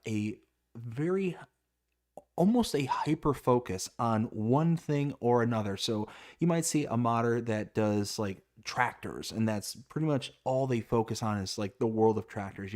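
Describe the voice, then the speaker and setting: Guy hosting a live interview stream, medium voice, talks a lot and gets excited. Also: mid-range voice. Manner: enthusiastic, wordy, reads viewer questions. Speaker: livestream interview host. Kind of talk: livestream interview.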